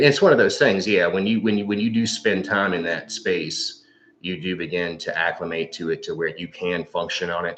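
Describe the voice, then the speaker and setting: A man's voice: low voice, pushed and bright, slight background noise. A man telling a long rambling story on a livestream, swearing often and full of fillers. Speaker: psychic livestream host. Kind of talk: casual storytelling monologue. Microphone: livestream microphone.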